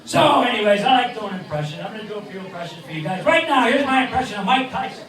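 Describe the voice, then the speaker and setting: A man's voice: sits high, animated, quick pace. A man in his sixties from Cleveland doing stand-up comedy and a ventriloquist act, jokey with rambling punchlines. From Cleveland, Ohio. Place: neighborhood bar stage. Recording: echoey bar, distant mic, crowd.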